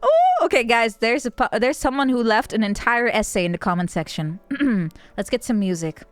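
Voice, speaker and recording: A woman's voice: fairly high pitch, normal speed, no echo, soft background music. A woman streamer chatting casually, playful and rambling, laughing often; English is not her first language. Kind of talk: casual chat.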